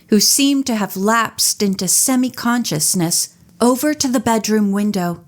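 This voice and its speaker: A woman reading an audiobook in a measured, careful style. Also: on the high side. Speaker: audiobook narrator. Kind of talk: audiobook narration.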